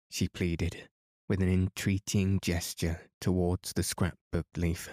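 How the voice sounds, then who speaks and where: A man reading a novel aloud calmly for a sleep podcast. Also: low-pitched, slow pace, no echo, studio quality. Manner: calm, soothing reading. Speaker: podcast narrator. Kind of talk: bedtime audiobook narration.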